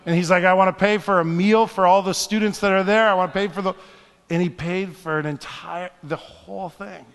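A married man preaching a sermon, telling a story with hushed asides and building to fervent exhortation. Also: high voice, steady tone, fairly quick, in a large hall. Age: adult, married. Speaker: pastor.

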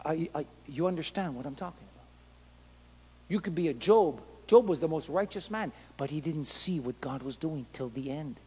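A man's voice: a little high, expressive, moderate pace, darkish tone, slightly rough, in a large hall. A male pastor preaching a passionate sermon, acting out prayers and dialogue with rising intensity.

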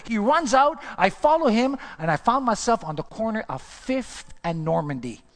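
A male pastor telling his life story in a sermon, chatty and animated, asking the crowd questions and often restarting his sentences. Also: sits high, moderate pace, hardly any pauses. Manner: storytelling, animated, asks the audience questions, repeats himself. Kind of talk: testimony sermon.

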